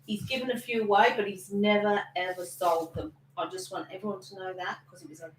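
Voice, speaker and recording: A woman's voice: medium pitch, fairly even intonation, fairly quick, slight background noise. A middle-aged woman co-hosting a casual live stream, teasing her husband and reading out viewer comments. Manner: teasing, chatty, reads out comments. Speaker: co-host, host's wife. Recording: roomy home recording.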